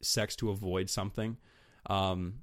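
A man's voice: low-pitched, little pitch movement, a little slow. A young man hosting a solo podcast, talking candidly and rambling with lots of fillers and restarts, swearing casually. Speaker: podcast host.

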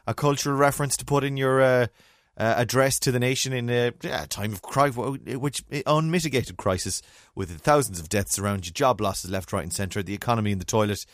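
An Irish man hosting a podcast, telling stories in animated casual chat with wry asides. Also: medium pitch, a little fast, no room sound, clean studio sound. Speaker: podcast host.

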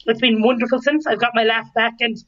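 Woman, 30s, interview guest, lively storyteller, laughs often, slightly muffled lo-fi audio. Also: fairly high pitch, fast talker. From Ireland. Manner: lively, laughs often, acts out quoted lines. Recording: dull lo-fi sound.

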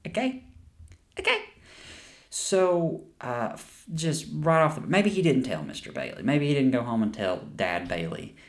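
A man's voice: mid-range voice, lively intonation, normal speed. A young man hosting a podcast and chatting casually about a movie, rambling and swearing a lot. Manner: rambling, profane, with frequent restarts and laughs. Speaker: podcast host. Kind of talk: casual movie review chat.

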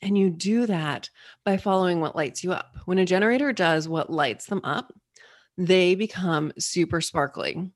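A woman talks in a playful, animated way as she explains ideas to an interviewer. Her voice sits on the low side. The sound is dry and close, with no room echo. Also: normal speed. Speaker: guest explaining personality types. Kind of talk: casual interview talk.

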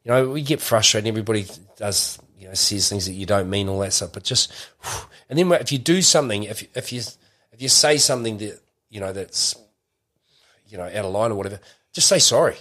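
A man's voice: on the low side, lively intonation, fairly quick, bright, forceful tone. A middle-aged man, talking in a rambling way full of fillers and restarts in a casual interview. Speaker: podcast guest.

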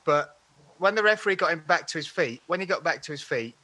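A man chatting on a podcast, excitable and laughing as he talks, often mimicking what others said. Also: fairly high pitch, a little fast. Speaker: podcast panelist. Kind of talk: casual chat.

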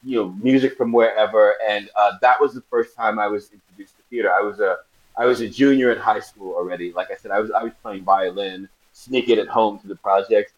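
A man's voice: lowish voice, fairly quick, highs cut off. Laughing male storyteller from Brooklyn. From Brooklyn, New York. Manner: animated storyteller, laughs often, acts out quotes. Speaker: guest actor. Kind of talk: casual anecdotal interview chat.

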